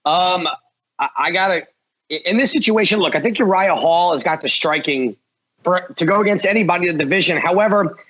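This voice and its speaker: A man's voice: high-pitched, fairly quick, fairly bright tone, dull audio. A man giving fight picks as a podcast guest, hedging and thinking aloud before he settles on a choice. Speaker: guest picker. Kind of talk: casual betting picks.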